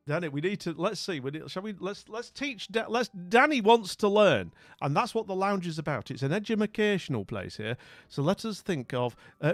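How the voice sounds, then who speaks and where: A man's voice: sits high, no echo. Chatty man streaming over faint music. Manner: rambling, chatty, lots of fillers and restarts. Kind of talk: casual chat with viewers' comments.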